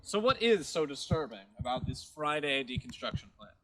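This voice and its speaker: A man's voice: mid-range voice, very animated, normal speed, a bit bright, slight background noise. A man acting a pompous, petty corporate boss in a comedic audio drama. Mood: smug. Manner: pompous, ranting, theatrical. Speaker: company boss. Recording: music playing under the voice.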